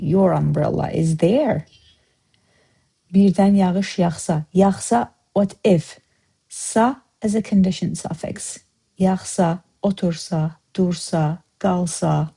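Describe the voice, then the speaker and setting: Woman, language teacher, slow careful pace, gravelly dark voice, repeats words. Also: lowish voice, poor audio. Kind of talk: vocabulary lesson.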